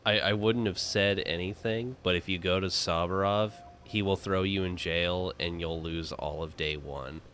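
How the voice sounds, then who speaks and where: A man's voice: low-pitched, fairly even intonation, normal speed, few pauses, fairly bright tone, soft background music. A man co-hosting a game playthrough, chatting casually and giving laid-back advice. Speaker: let's play co-host. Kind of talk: casual gameplay chat.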